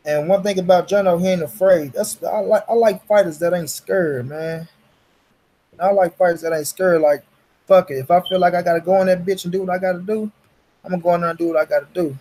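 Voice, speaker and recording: A man's voice: high-pitched, fairly even intonation, fairly quick, mellow. A young man hosting a casual livestream, talking straight to his chat in slangy, profane street talk. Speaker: livestream host.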